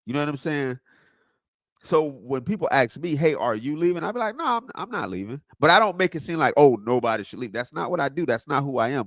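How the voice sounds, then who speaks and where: On his livestream, a man from Southwest Florida, USA, chats loosely, telling stories with energy and replying to what his chat says. His mid-range voice comes through a dry, studio-quality recording.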